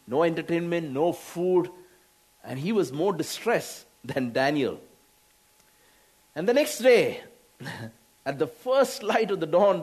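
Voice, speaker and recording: Slow-preaching man with an Indian English accent. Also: high voice. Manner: slow, with laughs and exclamations. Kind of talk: sermon.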